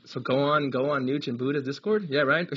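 Husky young man streaming a game. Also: mid-range voice, normal speed, a bit bright, dull audio. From United States. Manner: rambling, laughs often, reads chat aloud. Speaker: livestreamer. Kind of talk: casual live gaming stream chat.

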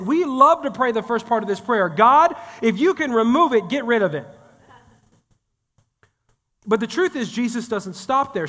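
A man's voice: extremely high pitch, sharp tone. A pastor in his thirties or forties preaching a sermon in a church, talking in a conversational, joking way and speaking straight to the congregation. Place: church sanctuary. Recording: long reverb of a church hall.

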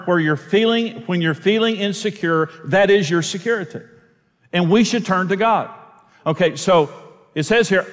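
A man's voice: high-pitched, in a large hall. A man preaching a sermon, earnest and emphatic, repeating phrases to drive points home. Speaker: pastor. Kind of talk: sermon teaching.

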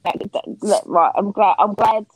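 A woman's voice: mid-range voice, moderate pace, breathy edge, no room sound, low-quality recording. A woman hosting a casual livestream chat, swearing freely and calling people darling. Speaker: livestream host.

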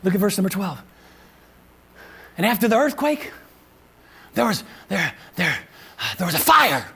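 A pastor preaching a sermon in an animated way, with frequent restarts and laughing asides. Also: medium pitch, a little slow, creaky, breathy edge.

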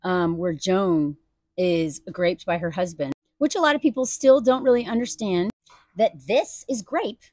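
A woman's voice: on the low side, a little slow, darkish tone, no echo, studio quality. A woman talking earnestly and emotionally in a personal video commentary, speaking casually and addressing viewers directly. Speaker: video creator.

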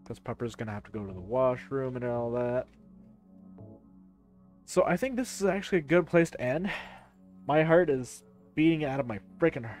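A man of middle pitch runs his live stream in an animated, chatty style, swearing casually as he talks to his viewers. Faint music plays under his voice.

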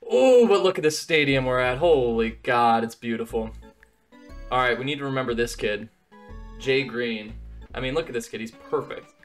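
A young man streaming a baseball video game, excitable, swearing and shouting at his players. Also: mid-range voice, normal speed, faint music behind. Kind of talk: excited gameplay commentary.

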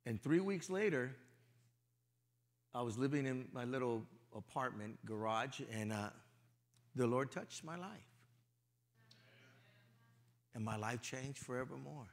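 A middle-aged male pastor giving a sermon in a casual, conversational way, with his volume swinging from loud to hushed. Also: medium pitch, animated, unhurried, long pauses. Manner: casual, conversational, peppered with "you know".

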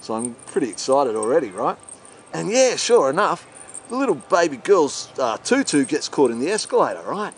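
A man's voice: a little high, very animated, normal speed, a little hiss or hum. A man telling crude, rambling comic anecdotes in a boastful monologue. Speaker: comic storyteller.

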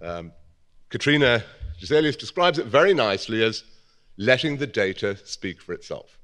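A man with a British accent giving a measured, thoughtful academic conference talk, with fillers and restarts. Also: medium pitch, expressive, a bit bright. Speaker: conference speaker.

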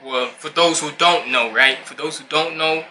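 A man's voice: on the high side, moderate pace, sharp tone. A young man from Jamaica hosting a reaction video, talking loosely in slang and slipping into patois. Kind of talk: casual reaction commentary.

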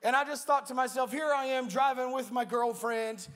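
High-voiced, animated young male pastor. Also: moderate pace. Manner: animated, playful, acts out his own story. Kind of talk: sermon with humorous storytelling.

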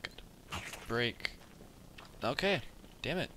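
Deep-voiced, cursing young gamer guy. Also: unhurried, long pauses, very noisy. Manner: frustrated, swears often, mutters at the game. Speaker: let's play gamer. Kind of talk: casual gameplay commentary.

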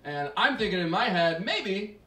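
A young man doing a stand-up set, halting with lots of fillers and restarts. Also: high-pitched, sing-song. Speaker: stand-up comedian. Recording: roomy, distant mic, hissy noise.

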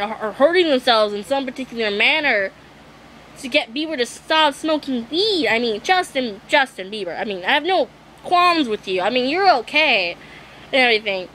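A woman's voice: high-pitched, fairly bright tone, slight background noise, rough recording. A young woman vlogging a rant, exasperated and swearing, apologizing often and losing her voice. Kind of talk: ranting vlog monologue.

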